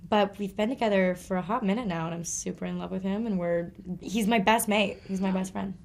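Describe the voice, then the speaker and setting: A young woman, chatting casually as an interview guest, animated and quick to laugh. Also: mid-range voice, vocal fry, slight background noise. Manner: animated, giggly, acts out quotes. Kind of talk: casual chat.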